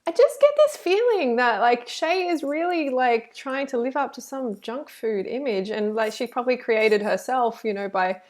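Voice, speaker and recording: A woman reacting to a video and reading her live chat, animated and preachy, full of "like" and "you know". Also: on the high side, moderate pace, few pauses. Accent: Australian. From Australia.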